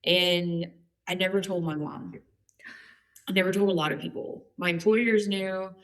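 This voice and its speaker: A woman's voice: on the low side, fairly even intonation, normal speed. A woman in her forties telling her life story as a guest, chatty and humorous with lots of fillers. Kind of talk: candid personal storytelling.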